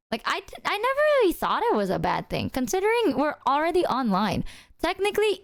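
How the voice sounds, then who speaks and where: A woman streamer chats loosely with her viewers, rambling, using lots of filler words, and swearing. Her voice is a little high, with studio-quality sound and no echo.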